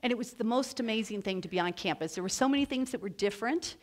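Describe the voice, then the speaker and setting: A middle-aged woman and agency founder telling a personal story to students in an animated, lively way, often laughing. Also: fairly high pitch, very fast. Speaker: guest speaker, agency founder and executive. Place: lecture event before a student audience.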